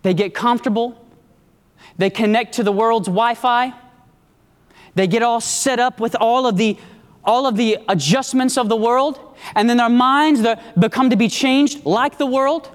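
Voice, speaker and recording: A high-voiced man delivers an emphatic sermon, calling out to his congregation. His voice carries a long echo through a large church hall. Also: unhurried. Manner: call-and-response, emphatic, varied pace. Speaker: preacher.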